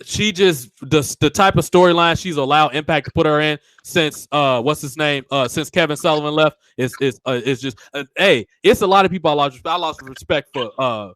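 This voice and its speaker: A man's voice: a little high, brisk, hardly any pauses, fairly bright tone, no room sound. A man hosting a casual wrestling talk show, speaking bluntly and swearing freely. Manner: blunt and profane. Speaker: podcast host.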